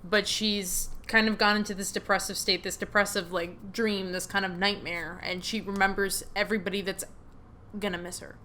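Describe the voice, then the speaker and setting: A woman's voice: mid-range voice, flat delivery, normal speed, sharp tone, a little hiss or hum. A young woman commenting casually while playing her own game, hesitant and a little nervous.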